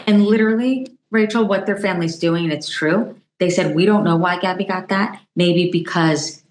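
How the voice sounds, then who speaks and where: A woman's voice: fairly low pitch, normal speed, reverberant, slight background noise. A middle-aged woman, a journalist guest on a podcast, telling stories animatedly and acting out what others said. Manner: animated storytelling, acts out quoted voices. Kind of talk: conversational podcast interview.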